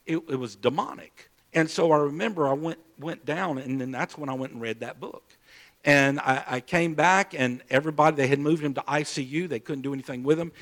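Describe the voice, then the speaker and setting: A man with a slightly high voice preaches, telling a personal story to his listeners. He drops into hushed, low intensity and then climbs into loud, raised emphasis, repeating and restarting words as he goes. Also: vocal fry. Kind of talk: sermon testimony.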